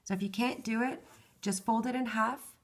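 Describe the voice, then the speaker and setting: A woman's voice: a little high, steady tone, normal speed. A woman walks viewers through a craft project one step at a time and counts out each stitch as she goes. Her voice is tired and wearing thin, close to giving out. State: losing her voice. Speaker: craft tutorial host.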